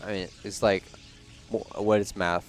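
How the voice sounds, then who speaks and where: Deadpan low-voiced male co-caster. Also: a little slow, faint music behind. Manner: dry, deadpan, rambling asides with fillers. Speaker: esports co-caster. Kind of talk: live esports commentary.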